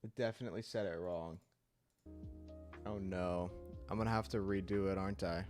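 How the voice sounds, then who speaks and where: A man's voice: deep voice, fairly even intonation, normal speed, darkish tone, soft background music. A young man chatting casually on a live stream as he edits his video, laughing often, swearing and teasing himself when he slips up. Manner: laughs often, swears, flustered and self-mocking.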